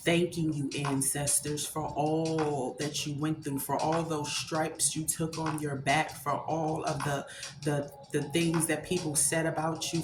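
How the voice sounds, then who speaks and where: A woman with a deep, low voice delivers an impassioned, preachy spiritual monologue, cursing freely as she drives her points home. Her voice rings in a roomy, echoing space, with loud music playing behind her. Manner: emphatic and preachy, swearing freely. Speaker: spiritual content creator.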